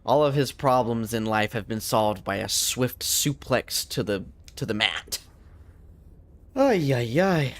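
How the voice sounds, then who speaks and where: A young man livestreams a game at a slow pace, his casual, joking talk shifting from excited highs to quiet mutters under his breath.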